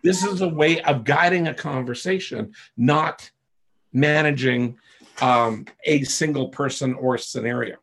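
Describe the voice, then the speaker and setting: A man's voice: medium pitch, unhurried, a bit bright, slightly rough. A man coaching a live online class, explaining patiently and often checking in with his listeners, over a video call microphone. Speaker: coach teaching a webinar. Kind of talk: live online teaching session.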